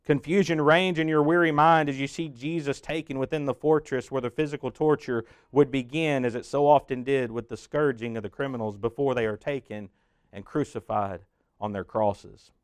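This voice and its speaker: A man preaching a dramatic sermon that walks the listener through the scene as "you", swelling loud and then dropping to a hush. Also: mid-range voice, steady tone, moderate pace, smooth, no echo, clean studio sound. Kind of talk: dramatic guided sermon narration.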